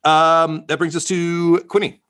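A man running a tabletop game as game master, relaxed and full of ums and uhs. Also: a little high, unhurried, clear, resonant tone.

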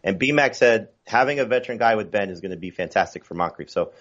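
A man's voice: lowish voice, lively intonation, quick pace, a bit bright, muffled recording. A man talking fantasy football as a podcast guest, chatty and full of fillers and restarts. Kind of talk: casual podcast chat.

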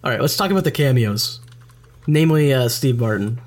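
Lively woman co-host swearing casually. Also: rumbling low, brisk. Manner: swears casually, animated and joking. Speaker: podcast co-host. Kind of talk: casual chat.

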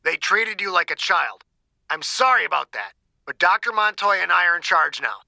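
A man's voice: high voice, expressive, moderate pace, gravelly, pushed and bright, no room sound, heavily acted. A man voicing a blunt, cold male doctor.

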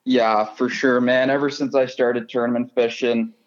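A man's voice: mid-range voice, flat delivery, normal speed, muffled recording. A young man from Ontario, Canada, speaking in a friendly, upbeat way as a guest in a casual interview. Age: young adult. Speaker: guest, tournament angler.

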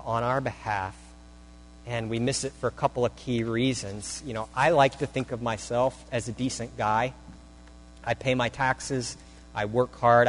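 A man's voice: mid-range voice, rough recording. A man preaching a conversational sermon as a pastor, with dry self-deprecating humor. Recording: faint mains hum.

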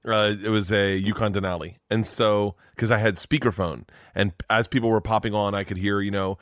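A man's voice: lowish voice, fairly even intonation, brisk, few pauses, fairly bright tone, no echo, studio quality. A middle-aged man, a comedian guest, telling rambling, profane stories in casual podcast chat. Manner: rambling storyteller, swears freely.

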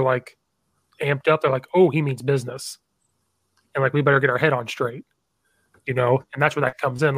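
A man with a mid-range voice hosts a casual sports podcast. He talks loosely and leans on "like" as a filler. The sound is dry, with no room echo. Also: medium pitch. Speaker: podcast host. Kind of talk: casual chat.

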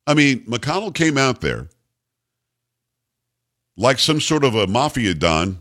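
A man's voice: mid-range voice, big pitch swings, unhurried, pauses often, fairly bright tone. A man hosting a political talk radio show, delivering an emphatic, ranting monologue full of rhetorical questions.

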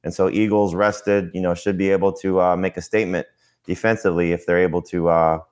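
Co-host, male, very low voice, quick rambling delivery full of fillers. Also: fairly even intonation, a little mellow, clear, resonant tone. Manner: quick, rambling, heavy with "you know" and restarts. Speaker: podcast co-host, fantasy analyst. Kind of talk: casual podcast talk.

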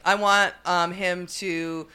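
A woman's voice: lowish voice, level tone, takes it slowly, bright, forceful tone, clear, resonant tone. A woman co-hosting a casual political podcast, gushing and playful, laughing often. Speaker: podcast co-host.

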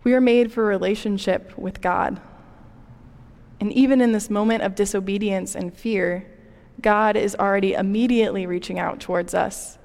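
A woman's voice: medium pitch, fairly even intonation, moderate pace, gravelly, a little mellow. A woman giving a conversational sermon, preaching in a relatable way with personal stories. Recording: reverberant hall.

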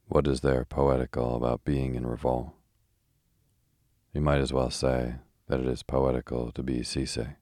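A man reading the lines of a sharp-tongued young poet, arguing in crisp, pointed sentences. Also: a bass voice, dry recording, studio quality.

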